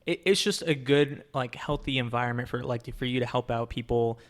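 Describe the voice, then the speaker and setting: A man's voice: medium pitch, fairly quick. A man hosting a podcast in casual chat, rambling with many fillers and restarts. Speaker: podcast host.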